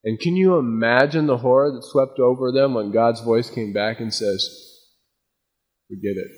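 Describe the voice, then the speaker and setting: A man's voice: mid-range voice, moderate pace. Man preaching in a reverberant sanctuary. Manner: conversational preaching, emphatic warnings, acts out quotes. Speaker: pastor. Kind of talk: expository sermon.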